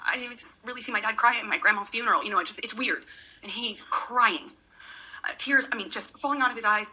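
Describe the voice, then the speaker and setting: Breathy, bright-voiced woman testifying haltingly. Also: a little high, rough recording. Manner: halting, with many restarts and repeated words; quiet and emotional, sometimes dropping to a whisper. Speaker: witness giving testimony. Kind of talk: courtroom testimony. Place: courtroom.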